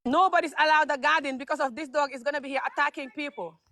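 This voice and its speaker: Insistent high-voiced woman filming on a phone. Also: steady tone, quick pace, sharp tone, dry recording, clean studio sound. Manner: repetitive, insistent, mixes Wolof with English. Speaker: vlogger filming a dispute. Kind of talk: handheld phone vlog, confrontational. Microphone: phone camera.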